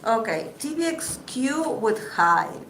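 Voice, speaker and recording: A woman giving a casual live tarot reading, chatty and halting with many fillers. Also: fairly high pitch, very animated, fairly bright tone. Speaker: tarot reader. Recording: echoey room with faint background noise.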